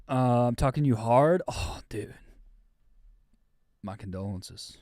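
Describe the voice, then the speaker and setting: A man's voice: mid-range voice, expressive, moderate pace, creaky, mellow, no echo, clean studio sound. A man hosting a late-night call-in show, joking crudely and teasing his callers. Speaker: podcast host.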